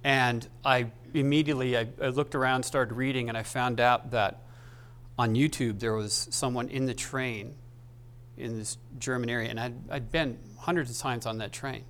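A man preaching a sermon as pastor, speaking haltingly and with feeling, with many restarts, into a microphone. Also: medium pitch, steady tone, fairly bright tone.

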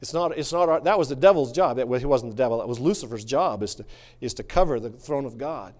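A male pastor preaching a sermon, swinging from quiet musing to fervent shouting. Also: mid-range voice, expressive, quick pace.

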